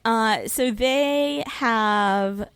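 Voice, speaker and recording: A woman's voice: a little high, extremely slow, fairly bright tone, clear, resonant tone, no echo. A woman with a law background, chatting on a podcast as a guest, laughing often. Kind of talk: casual podcast chat.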